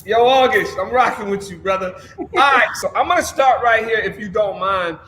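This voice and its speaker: A man hosting a livestream show in a loud, upbeat, slangy way, often yelling. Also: high-pitched, moderate pace, a little hiss or hum. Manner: energetic, yells a lot, slangy. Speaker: show host. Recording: echoey room with a long reverb.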